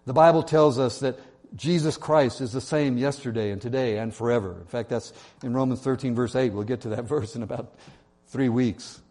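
An earnest male pastor delivering a sermon, his voice sitting at an ordinary middle pitch. He preaches in a storytelling manner, talking straight to the congregation. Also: moderate pace, a little mellow.

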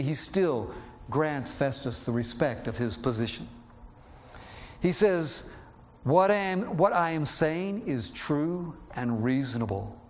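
A man preaching a sermon, slowing down to read scripture aloud and raising his voice to act out the quoted lines. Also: mid-range voice, a little mellow. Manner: acts out quotes with raised voice; slows down when reading scripture.

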